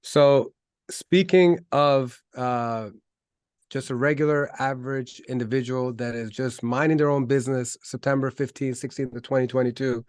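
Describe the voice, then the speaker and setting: A man's voice: mid-range voice, fairly even intonation, normal speed, clean tone, dry recording, studio quality. A man hosting an online talk show, speaking enthusiastically with frequent ums and restarts. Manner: enthusiastic, hesitant with fillers. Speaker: host.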